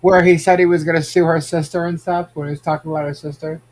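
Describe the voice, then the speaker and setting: A man's voice: on the high side, flat delivery, quick pace, darkish tone. A man hosting a casual podcast, chatting and reacting to viewer comments. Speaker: podcast host. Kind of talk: casual gossip chat.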